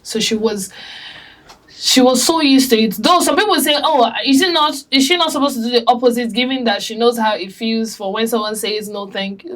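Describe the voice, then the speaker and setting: A woman on a discussion panel, telling animated stories and acting out quotes from family. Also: a little high, moderate pace. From Africa. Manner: animated storytelling, acts out quotes. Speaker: panel guest.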